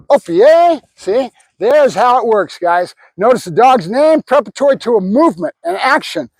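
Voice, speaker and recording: High-voiced dog trainer, dry close sound. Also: male voice, husky, no echo. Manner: explains while giving the dog short praise cues. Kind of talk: hands-on training demonstration.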